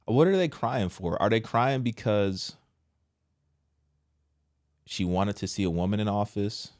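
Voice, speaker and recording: A man hosting a casual opinion commentary, talking slangy and direct, swinging between loud outbursts and quiet low asides. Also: unhurried, no echo, studio quality. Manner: casual slangy address, says bro. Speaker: commentary host.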